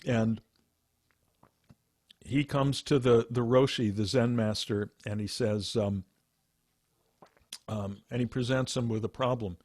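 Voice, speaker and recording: A meditation teacher in casual talk, spinning Zen stories with lively asides and laughs. His voice sits mid-range for a man, recorded dry and close with no room sound. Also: medium pitch, slow pace, long pauses, no echo. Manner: animated storytelling with laughs and asides.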